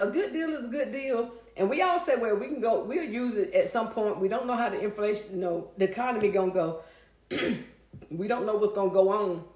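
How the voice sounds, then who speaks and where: A woman's voice: mid-range voice, a little mellow. A woman hosting a casual livestream, chatting with viewers and reading out their comments in a folksy way. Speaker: livestream host. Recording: echoey room.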